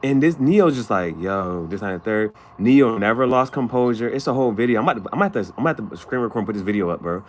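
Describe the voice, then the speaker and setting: A man's voice: mid-range voice, quick pace, hardly any pauses. A man vlogging in a casual, slangy storytelling chat, acting out the people he talks about. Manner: animated, slangy, acts out quoted people.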